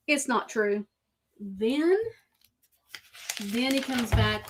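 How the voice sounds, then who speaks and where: A woman's voice: fairly high pitch, very slow, pauses often. A woman hosts a show in a casual, opinionated way. She talks emphatically and drives her points home by repeating them. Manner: emphatic, repeats herself for effect. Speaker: host.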